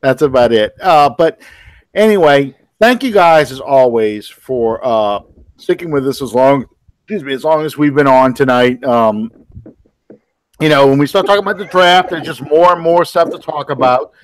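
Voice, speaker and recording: A man's voice: mid-range voice, normal speed, dry recording, rough recording. An easygoing man hosting a casual sports podcast and thanking listeners as he wraps up. His voice sits in the middle range for a man. The sound is dry and close, with no room around it. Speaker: podcast host.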